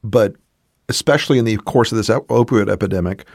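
Blunt low-voiced man. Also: fast talker, vocal fry, a little mellow, no room sound, studio quality. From Southern United States. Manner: blunt, emphatic, sarcastic. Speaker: podcast guest, political commentator. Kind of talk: casual political conversation.

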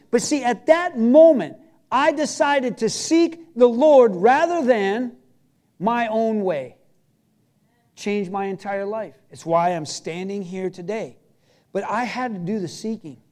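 Male pastor, very high voice, chatty and emphatic sermon storytelling. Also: normal speed, a little mellow. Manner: storytelling preacher, emphatic and conversational.

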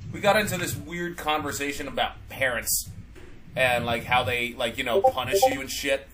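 A man's voice: mid-range voice, big pitch swings, a little slow, background noise. A man co-hosting a casual podcast chat, rambling with lots of fillers and restarts. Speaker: podcast co-host.

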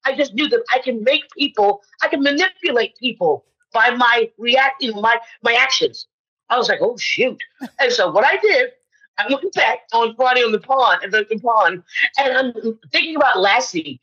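A woman in her fifties, an actress guest on a podcast, telling personal stories in an animated way and acting out the voices of people she quotes. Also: a little high, moderate pace, breathy edge, dull audio. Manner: animated storyteller who acts out quoted voices. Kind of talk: personal storytelling in conversation.

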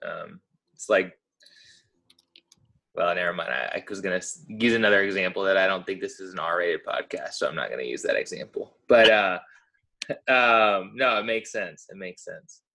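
Lower-voiced American man, rambling. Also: moderate pace, vocal fry, pushed and bright. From United States. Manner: rambling, self-correcting. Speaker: podcast co-host. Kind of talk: casual podcast chat.

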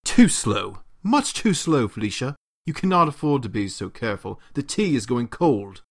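A man voicing a stern, condescending male butler in a deliberately bad British accent, reading from a game script. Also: medium pitch, big pitch swings, pitched above the performer's own voice. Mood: scolding. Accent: bad put-on British. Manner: curt, scolding, condescending. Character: stern prim male butler, former noble.

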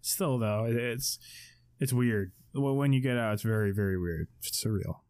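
A man's voice: mid-range voice, normal speed, a little mellow, clean tone, no room sound. A man co-hosting a podcast who chats casually and makes wry jokes. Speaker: podcast co-host. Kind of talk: casual chat.

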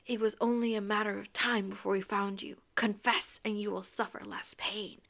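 A hushed, threatening female teacher with a monster hidden underneath, as a woman retelling a book puts her on. She talks low and close, with a breathy edge. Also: little pitch movement, moderate pace. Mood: menacing.

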